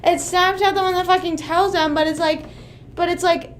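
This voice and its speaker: A woman in her twenties chatting casually on a livestream, rambling and animated, with frequent swearing. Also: extremely high pitch, normal speed. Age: 20s. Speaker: streamer.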